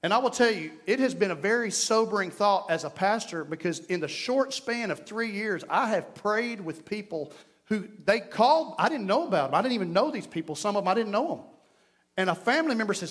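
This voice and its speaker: A man preaching a sermon as pastor, moving between loud exhortation and quiet, hushed prayer. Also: high voice, lively intonation, a little fast. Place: church sanctuary. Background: congregation.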